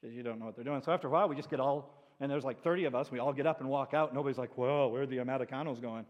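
A man preaching as a pastor, telling stories with animated asides in a church sanctuary. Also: medium pitch, racing, lo-fi sound. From New England. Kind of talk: sermon. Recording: long church hall reverb.

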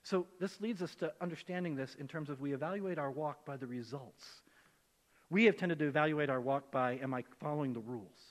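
Male pastor, conversational sermon, slightly high voice, echoing church hall. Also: brisk. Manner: conversational, animated, acts out voices in quotes.

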